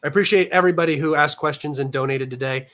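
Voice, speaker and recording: A man's voice: fairly high pitch, quick pace, a bit bright. Chatty young American man, slightly nasal. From United States. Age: young adult. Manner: rambling, chatty, many fillers and restarts. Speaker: livestream host. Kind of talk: casual livestream chat. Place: his room at home.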